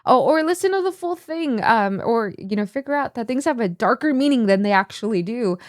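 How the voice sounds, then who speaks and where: A woman's voice: fairly high pitch, lively intonation, brisk, dry recording, studio quality. A woman hosting a music reaction video, talking in a chatty, gushing way with lots of filler words. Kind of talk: casual reaction commentary.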